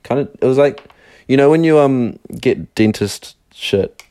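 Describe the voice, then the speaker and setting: A man's voice: mid-range voice, lively intonation, measured pace, warm tone. A young man casually telling a rambling personal story, full of fillers and swearing. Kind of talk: casual chat.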